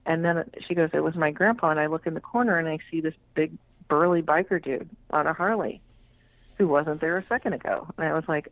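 A frank, plain-spoken woman tells stories as a guest on a radio talk show, swearing freely and slipping into the voices she quotes. Her voice sits at a middle pitch. It comes through a narrow, tinny band, like a phone line. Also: brisk, no echo. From United States. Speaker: tarot reader, guest. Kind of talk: casual storytelling interview.

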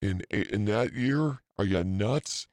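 A man's voice: on the low side, lively intonation, takes it slowly, a little mellow, no echo. A man in his fifties hosting a podcast, telling a rambling story in a profane, self-mocking way, full of asides. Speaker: podcast host.

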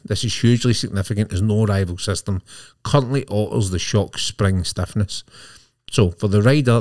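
A man's voice: on the low side, darkish tone, no echo, clean studio sound. A man co-hosting a casual motorbike podcast, reading out technical news with jokes in between. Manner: jokey, technical explainer. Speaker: podcast co-host. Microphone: podcast mic.

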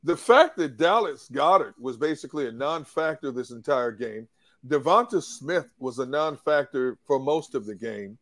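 A man's voice: mid-range voice, lively intonation, normal speed, dry recording. A man breaking down a football loss on a post-game show, emphatic and opinionated. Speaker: sports analyst.

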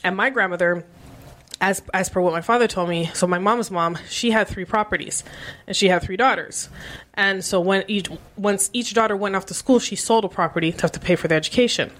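A woman from Canada, a guest author and property manager, talking candidly on a panel with slang and animated storytelling. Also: medium pitch, fairly quick. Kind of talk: casual panel chat.

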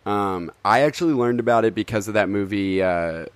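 A man's voice: on the low side, brisk, clean tone. A man hosting a podcast in casual chat, rambling, laughing often and swearing freely. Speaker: podcast host.

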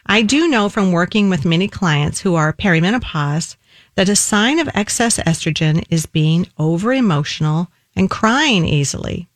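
Woman nutritionist hosting a radio show, lowish voice, calm and measured, dry studio sound. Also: no echo. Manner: measured, warm explaining, slows down for phone numbers. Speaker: nutritionist co-host.

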